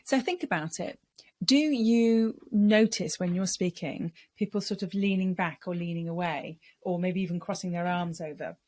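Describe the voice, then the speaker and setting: Woman voice coach teaching speaking tips, low-ish voice, dry recording, steady explaining. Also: dry recording. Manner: clear, measured explanations with vocal demonstrations.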